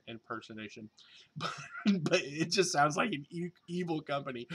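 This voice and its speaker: A man in his thirties talks casually to his viewers in a mid-pitched voice, drifting from point to point with plenty of ums and restarts. He cracks jokes as he goes and turns loud and excited when he shows off his old toys. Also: moderate pace, husky. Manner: rambling, jokey, many fillers and restarts. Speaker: vlogger and toy reseller. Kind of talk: casual vlog chat.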